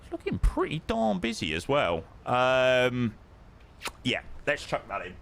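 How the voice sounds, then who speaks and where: A young man chats casually with his viewers, greeting them by name and calling everyone mate. His pitch swings widely as he talks. There's a faint hum of room ambience behind him. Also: wildly swooping pitch, measured pace, gravelly, a bit bright. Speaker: flight sim streamer. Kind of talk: casual live-stream chat with chat readers.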